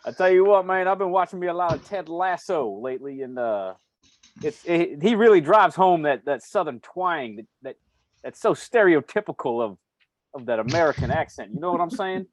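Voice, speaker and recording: A man's voice: a little high, animated, moderate pace, dry recording. A man co-hosting a casual soccer podcast, enthusiastic and laughing often. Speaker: podcast co-host. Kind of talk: casual chat.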